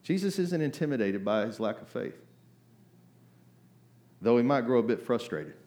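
A man's voice: mid-range voice, sing-song, normal speed, a little mellow. Conversational man preaching with emphatic bursts. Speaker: pastor. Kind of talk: sermon.

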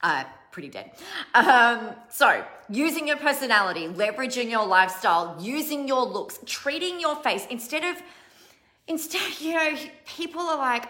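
Woman coach, bright voice, animated and blunt, casual swearing, self-deprecating. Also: medium pitch, moderate pace. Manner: self-deprecating, laughs at herself. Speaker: business coach. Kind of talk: live motivational talk to an online audience.

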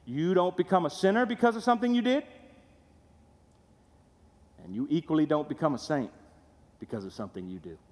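A male pastor preaching a sermon in a conversational, animated way, putting questions to his congregation. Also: fairly high pitch, a little fast, long pauses. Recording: long hall reverb.

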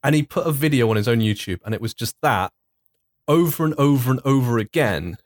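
A man's voice: mid-range voice, animated, dry recording. Dry-sounding man explaining. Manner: measured, explanatory, fond of fillers. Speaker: podcast co-host. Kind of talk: casual chat.

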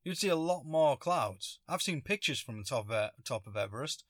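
A man in a casual solo monologue, rambling and sarcastic, stopping and restarting his thoughts. His voice sits at an ordinary middle pitch. The sound is dry and close, with no room echo. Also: animated, moderate pace, fairly bright tone. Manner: rambling, sarcastic, self-interrupting. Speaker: vlogger.

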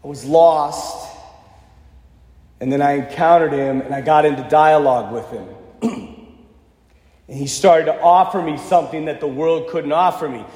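A man in his thirties, a pastor preaching a sermon, telling a personal story in a relaxed conversational way with self-deprecating humor. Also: a little high, normal speed, pauses often. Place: church. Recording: echoey church with long reverb.

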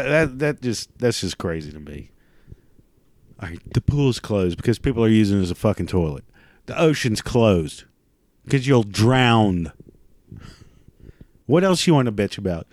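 Foul-mouthed, low-voiced man ranting. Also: very animated, a little mellow, dry recording. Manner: profane, crude, ranting; rambling, halting restarts. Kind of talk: casual monologue rant.

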